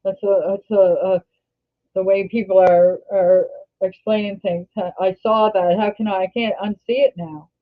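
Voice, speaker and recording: An older Canadian woman hosting a casual livestream, talking in a rambling, halting way and often restarting her sentences. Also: medium pitch, steady tone. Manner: rambling, halting, self-correcting. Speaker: livestream host. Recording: tinny phone-like sound.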